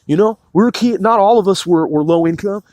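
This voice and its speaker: His voice is high with a darkish tone and no echo. This podcast host, a man in his forties, goes on a profane, meandering solo rant, peppering it with "bro" and plugging every gap with "man."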